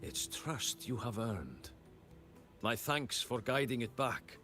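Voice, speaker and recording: An actor voicing a stern young male guard in a game, with a formal, measured way of speaking. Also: medium pitch, very animated, sharp tone, full character voice. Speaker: game character. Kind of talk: dubbed game dialogue. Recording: game audio with music.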